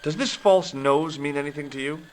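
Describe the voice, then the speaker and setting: A man playing a sardonic adult male amateur detective who narrates and questions people with deadpan wisecracks, in a game with faint music. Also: on the high side, brisk, slight background noise, natural voice. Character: wry adult male detective, dry humor.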